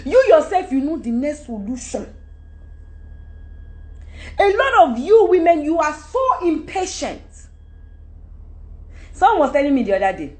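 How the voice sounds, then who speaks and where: A middle-aged Nigerian-accented woman lectures her followers live through her phone. Her voice sits high and leaps all over the place, and she keeps breaking into loud, preachy outbursts. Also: very animated, a little slow, pauses often. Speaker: livestream host. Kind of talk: unscripted rant on a live stream.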